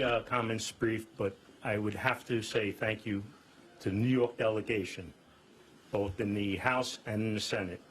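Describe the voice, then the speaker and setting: A man's voice: medium pitch, a bit bright, a little hiss or hum, poor audio. A man, a fire officers' union president, giving a rousing, rhetorical speech at a press conference.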